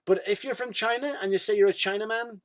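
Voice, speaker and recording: An Irish comedian rambles through a podcast monologue, blunt and full of swearing. His voice sits a little higher than most men's. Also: quick pace.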